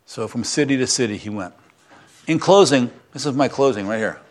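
A male pastor preaching a sermon, telling Bible stories with lively acted-out lines and closing in earnest prayer. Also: mid-range voice, a little fast. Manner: animated storytelling, acting out voices, then quiet earnest prayer.

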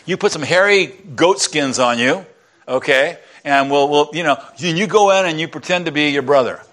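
A preacher doing a bossy, scheming mother who talks fast and insists. It is a light put-on voice within a retelling from the pulpit. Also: on the high side, fairly bright tone, close to an everyday voice. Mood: urgent. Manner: urgent, insistent.

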